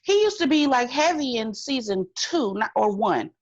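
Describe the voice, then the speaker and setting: A woman's voice: a little high, moderate pace, muffled recording. A woman co-hosting a casual chat about a TV episode, laughing often and quoting characters. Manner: laughs often, quotes characters in lively voices. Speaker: podcast co-host.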